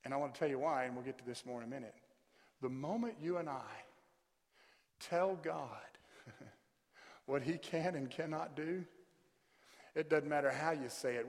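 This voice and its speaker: A male pastor preaching a sermon, with emphatic delivery that swells into loud, stressed peaks. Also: medium pitch, moderate pace. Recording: long hall reverb.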